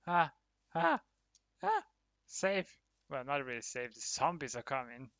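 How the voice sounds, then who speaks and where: A man's voice: medium pitch, huge pitch swings, unhurried, a bit bright, no room sound. A man chatting casually with viewers while streaming a game, laughing often and talking to his chat. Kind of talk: casual livestream commentary while gaming.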